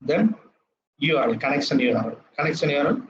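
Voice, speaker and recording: A man's voice: on the high side, animated, fast talker, highs cut off. A man with an Indian English accent teaching a live coding lecture. He repeats terms and checks in with "right?" after each step.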